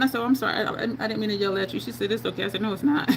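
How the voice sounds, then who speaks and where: A woman's voice: sits high, fast talker, pushed and bright, a little hiss or hum, poor audio. A woman beauty vlogger chatting casually through a makeup tutorial, telling stories and laughing often.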